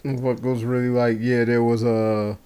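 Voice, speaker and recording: A man's voice: mid-range voice, little pitch movement, unhurried, mellow, clean tone. A man co-hosting a wrestling podcast, telling stories loosely in casual chat with fillers and swearing. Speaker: podcast co-host.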